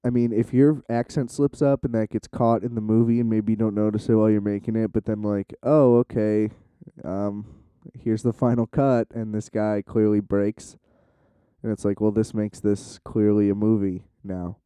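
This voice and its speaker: A man's voice: lowish voice, steady tone, moderate pace, dark tone, smooth, no echo, clean studio sound. A young man rambling casually to the camera in a loose, profane way, with lots of "like" and restarts. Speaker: vlogger.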